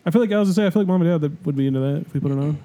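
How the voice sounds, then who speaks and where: A man's voice: a little high, very fast, mellow, muffled recording. A young man co-hosting a podcast in casual chat, rambling and swearing freely. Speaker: podcast co-host.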